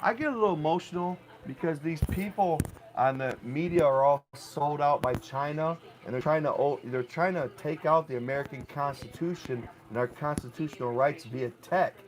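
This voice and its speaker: A young man at home rambling in an agitated rant that keeps getting louder and more heated. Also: fairly high pitch, moderate pace, few pauses, slight background noise, poor audio. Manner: agitated, repetitive, grows loud and heated. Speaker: vlogger. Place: home, indoors.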